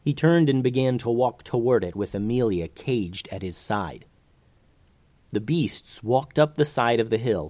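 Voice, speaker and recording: A man reading a children's fantasy story aloud as narrator, in an expressive, animated way. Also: mid-range voice, dry recording.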